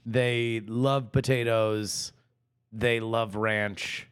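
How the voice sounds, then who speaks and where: A man co-hosting a comedy podcast, chatting casually, rambling and stammering, and quick to laugh. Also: lowish voice, little pitch movement, clear, resonant tone. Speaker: podcast co-host.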